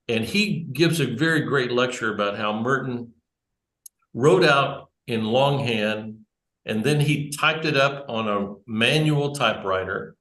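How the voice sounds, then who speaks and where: A man with a mid-range, fairly bright voice talks conversationally in a church room to a small group. He rambles, drifts off topic and keeps correcting himself, and the room gives the recording a noticeable echo.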